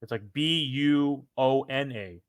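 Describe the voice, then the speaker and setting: Young man, history podcast co-host, rambling, lots of restarts, dry close sound, mid-pitched voice. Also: slow, no room sound. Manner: rambling, restarts and self-corrections. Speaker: former teacher. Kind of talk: casual history chat.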